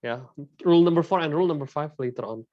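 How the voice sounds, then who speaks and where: A man's voice: a little high, quick pace. Indonesian-accented male math teacher, lo-fi. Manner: explains step by step, often adds "right?"; switches between English and Indonesian. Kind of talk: classroom math lesson.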